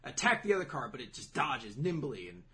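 A man's voice: mid-range voice, very animated, a little fast, pushed and bright. A young man co-hosting a casual manga recap podcast, swearing freely and acting out characters' lines as he summarizes. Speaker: podcast co-host.

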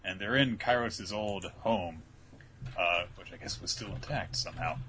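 A man's voice: low voice, normal speed, slight background noise. A man co-hosting a casual podcast, recapping an anime episode and acting out the characters' lines as he goes. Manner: animated recap, jumps into loud character voices for quotes. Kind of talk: casual chat.

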